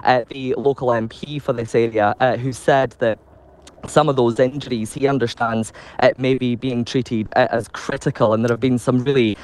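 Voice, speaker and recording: A man reporting live from a news scene, measured and sombre, with occasional ums. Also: medium pitch, fairly even intonation, a little mellow. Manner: measured, sombre delivery with fillers.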